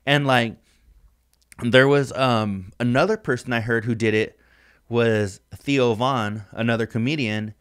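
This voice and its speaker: A man's voice: medium pitch, steady tone, unhurried, fairly bright tone, clear, resonant tone. A man co-hosting a podcast in casual chat, rambling and swearing, with "like" in nearly every sentence. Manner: rambling, profane, heavy use of "like". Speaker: podcast co-host.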